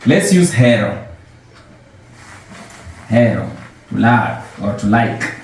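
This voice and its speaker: A man's voice: fairly low pitch, sing-song, slow. A man giving an informal language lesson, patiently asking questions and repeating words for his learner. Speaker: language teacher. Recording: very echoey room.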